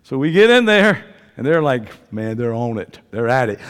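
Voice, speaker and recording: A man preaching a sermon, folksy and joking, swinging from quiet asides to loud preaching. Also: medium pitch, animated, a little slow, smooth, long reverb tail. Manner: folksy, joking, uses y'all and ain't. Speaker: pastor. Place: church sanctuary.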